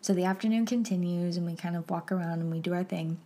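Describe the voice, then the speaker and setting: A young adult woman hosting a podcast, telling a personal story in a soft, chatty way with many fillers and frequent hushed whispers. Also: on the low side, fairly even intonation, fast talker. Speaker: podcast host.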